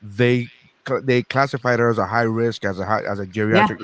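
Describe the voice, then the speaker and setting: Thirties male comic, profane and animated, dry close recording. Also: on the low side, fairly quick, no echo. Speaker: podcast host and comedian. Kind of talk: casual podcast chat.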